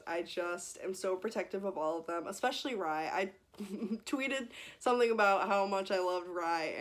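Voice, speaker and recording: Gushing, teary young woman vlogger. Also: lowish voice. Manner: gushing, emotional, laughs often and tears up. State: teary, close to crying. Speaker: book vlogger. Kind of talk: casual vlog chat.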